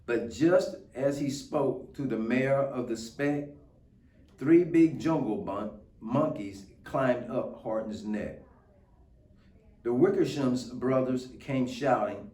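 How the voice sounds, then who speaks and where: A man, a guest reader, reading a picture book aloud in an unhurried, expressive way. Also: medium pitch. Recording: roomy, distant mic.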